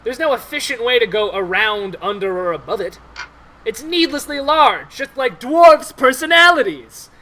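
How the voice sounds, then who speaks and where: A man voicing an exasperated male dark elf translator in a tabletop game, curt and snide. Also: high-pitched, fairly quick, hardly any pauses, poor audio.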